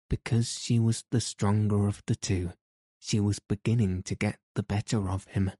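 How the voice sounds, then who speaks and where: A man reading a story aloud in measured, even scripted narration. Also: on the low side, no room sound, clean studio sound. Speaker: audiobook narrator.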